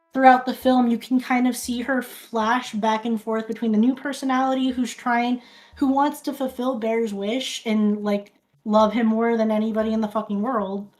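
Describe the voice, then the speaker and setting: High-voiced woman streamer chatting casually. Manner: rambling, swears often, restarts sentences. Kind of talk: casual chat recapping a film.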